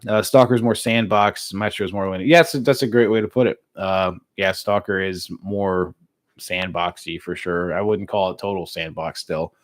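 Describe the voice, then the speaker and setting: An American man casually chatting with his live-stream viewers, relaxed and laughing easily, with plenty of filler words. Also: low voice, normal speed, no echo. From United States. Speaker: streamer reading live chat.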